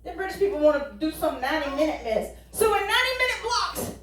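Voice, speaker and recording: Woman pastor, high and bright, conversational humorous preaching; roomy echoey hall sound. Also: sing-song, quick pace, slight background noise. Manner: folksy, joking, rhetorical questions. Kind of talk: conversational sermon. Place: church sanctuary. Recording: echoey church hall, distant mic.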